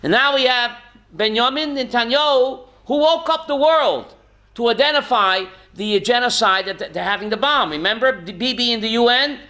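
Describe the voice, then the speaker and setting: A man's voice: very high voice, moderate pace, sharp tone. A man, a rabbi, teaching a Torah class in a folksy, joking way and quizzing his listeners by name. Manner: folksy, jokey asides.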